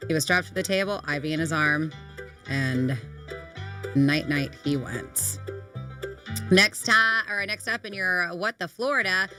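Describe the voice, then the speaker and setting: A woman's voice: on the low side, measured pace, long pauses, sharp tone, faint music behind. A married woman co-hosting a radio show, chatting casually and reading odd news stories with offhand asides and laughs. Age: adult, married. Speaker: radio co-host. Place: radio studio.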